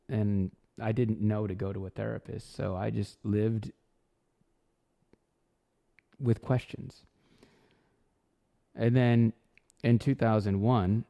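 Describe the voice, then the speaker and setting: A man in his forties hosting a podcast, telling a personal story and jumping to loud, animated exclamations when he quotes people. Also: lowish voice, creaky. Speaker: podcast host.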